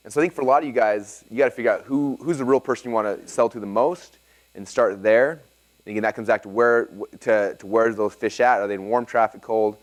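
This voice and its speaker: A man teaching a live seminar to an audience and taking their questions, energetic and excitable, often checking in with "okay?". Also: on the low side, fairly quick. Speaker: seminar presenter.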